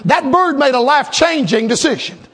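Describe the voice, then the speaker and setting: A man's voice: extremely high pitch, expressive, brisk, fairly bright tone. A man preaching a sermon, with rhythmic, emphatic repetition and a storytelling turn.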